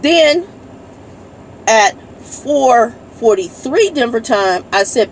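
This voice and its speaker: Fed-up woman, truck driver, blunt and profane vlog rant from her cab; slightly high voice, faint background noise. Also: animated, slow pace. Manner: irritated, blunt, swears, reads messages aloud. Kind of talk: ranting casual vlog. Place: inside a parked truck cab.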